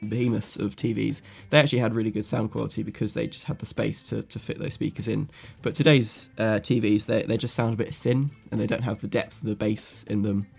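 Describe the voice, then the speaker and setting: English guy chatting tech, low gravelly husky voice. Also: fairly even intonation, fairly quick, few pauses, darkish tone. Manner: chatty, explains at length with fillers. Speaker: podcast co-host. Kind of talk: casual chat.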